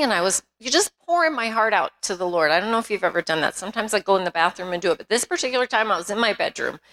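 A woman's voice: mid-range voice, a bit bright. Candid woman speaking at a retreat. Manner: candid, conversational, with frequent restarts. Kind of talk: women's retreat teaching.

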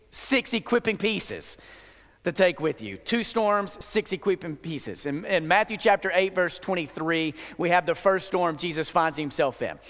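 A man with a fairly high voice preaches a sermon in an easy, conversational way, often restarting a phrase before pressing on. His words ring out with the long reverb of a large hall. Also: a bit bright. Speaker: pastor.

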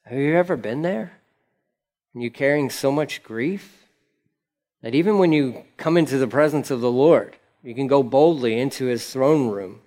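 A man preaching a sermon as pastor, in a casual, conversational manner with slangy asides. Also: mid-range voice.

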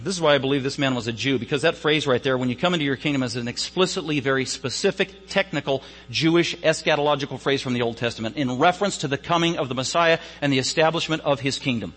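A man's voice: medium pitch, fast, few pauses, fairly bright tone, long reverb tail, poor audio. A man preaching an Easter sermon as a pastor, emphatic and repeating phrases for stress.

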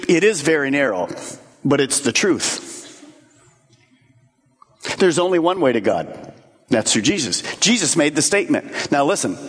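A man preaching a sermon as pastor, with emphatic delivery that swings between rising and hushed. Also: mid-range voice. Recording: long reverb of a large hall.

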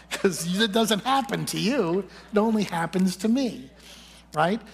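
A man's voice: high voice, lively intonation, takes it slowly, vocal fry, slight background noise. A man preaching a sermon, telling a personal story and often dropping his voice to near whispers.

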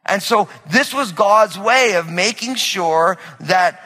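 Male pastor, sermon, bright voice, conversational, echoing hall. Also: high voice, expressive, slow pace. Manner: conversational, asks the audience questions.

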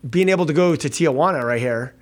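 A man's voice: fairly high pitch, fast. A man hosting an interview, eagerly jumping in with questions and reactions. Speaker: podcast host. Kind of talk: casual interview chat.

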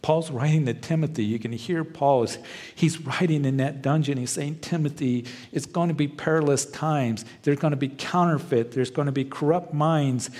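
A man preaching a sermon, earnest and emphatic, who leans on repeated phrases and slows down to stress a point. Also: on the high side, a little mellow. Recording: long reverb of a large hall.

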